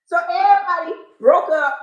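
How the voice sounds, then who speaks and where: A woman's voice: extremely high pitch, moderate pace, reverberant, lo-fi sound. A woman giving a reality TV confessional about a fight. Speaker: reality TV cast member. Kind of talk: confessional interview.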